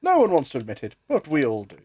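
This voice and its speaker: A man's voice: a little high, wildly swooping pitch, fast talker, mellow, husky. A man chatting casually and joking with friends while streaming a video game, muttering to himself as he plays. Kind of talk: casual gaming livestream chat.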